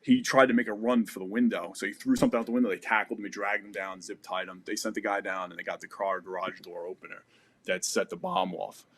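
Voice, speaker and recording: Low-voiced man telling a loose, profane story. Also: fairly even intonation, fast, fairly bright tone. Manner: loose and profane, peppered with "like" and "you know". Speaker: podcast guest. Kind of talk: casual storytelling.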